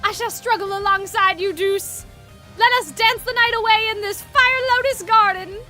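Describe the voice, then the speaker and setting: A woman's voice: extremely high pitch, moderate pace, sharp tone, faint music behind. A woman doing a theatrical, flowery young man. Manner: grand, poetic phrasing. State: dry throat.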